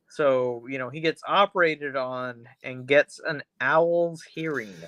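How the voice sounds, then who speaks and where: A man's voice: medium pitch, slow pace, fairly bright tone, no room sound. A man co-hosting a podcast, retelling a story in a rambling, profane way and acting out the characters' lines. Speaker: podcast co-host. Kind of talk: casual chat, retelling a film episode.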